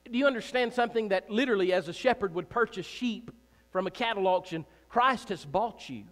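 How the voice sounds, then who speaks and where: A man preaching a sermon in a church, emphatic and repetitive, swinging between loud and soft, with joking asides. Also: sits high, brisk. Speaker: pastor. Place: church sanctuary. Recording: reverberant church hall.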